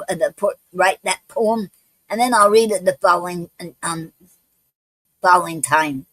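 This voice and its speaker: Breathless woman poet, halting chat with fillers, mid-pitched, dry close mic. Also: no echo, rough recording. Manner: halting, many fillers and restarts. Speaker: poet hosting a live stream. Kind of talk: casual live-stream chat and poetry reading.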